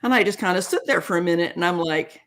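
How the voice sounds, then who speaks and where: Older woman guest, animated storyteller, plays out both sides of remembered dialogue. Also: lowish voice, fast. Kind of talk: storytelling in an interview.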